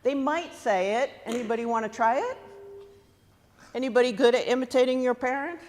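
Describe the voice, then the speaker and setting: A woman clinician coaching a student wind band in rehearsal, lively and full of questions to the players. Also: fairly high pitch, brisk. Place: large theatre stage. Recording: long hall reverb.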